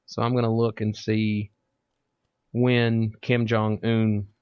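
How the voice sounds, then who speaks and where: A man's voice: fairly low pitch, little pitch movement, slow pace, clear, resonant tone, dry recording. Crude, rambling male podcast host. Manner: rambling, crude, reads news aloud. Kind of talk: casual podcast chat. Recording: dull lo-fi podcast mic.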